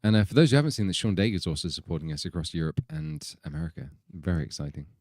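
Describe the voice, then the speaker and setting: A man's voice: sits low, lively intonation, quick pace, a little mellow, no room sound, studio quality. A man co-hosting a live singing stream, chatting in a playful, teasing way. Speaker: singer and co-host.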